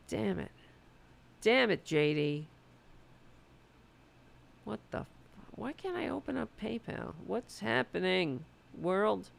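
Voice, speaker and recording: American woman streaming, really raspy gravelly voice, slow easy talk, swears a lot, kinda losing her voice. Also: medium pitch. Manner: loose, profane, rambling. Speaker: political livestream host. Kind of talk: casual livestream chat.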